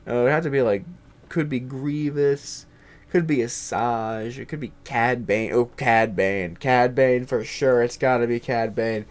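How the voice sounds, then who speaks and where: Casual male host, rambling and filler-heavy, joking, mid pitch. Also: steady tone, measured pace. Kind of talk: casual chat.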